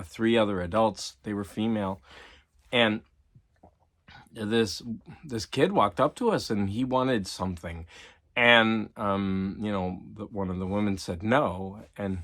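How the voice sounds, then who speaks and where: A man's voice: fairly low pitch, fairly bright tone. A middle-aged man, a teacher and collector, talking to camera in a loose, rambling monologue full of "like" and restarts. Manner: rambling, repeats himself, filler-heavy with "like".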